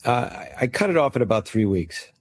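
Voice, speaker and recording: A man's voice: on the low side, very animated, quick pace, husky. An American man, a guest impressionist, telling wry stories in a casual podcast interview. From United States. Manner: wry, storytelling, restarts often.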